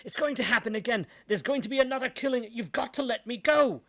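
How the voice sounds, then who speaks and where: A man voicing a desperate young male murder suspect who shouts and pleads frantically. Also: very high voice, fast, voice pushed up. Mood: frantic.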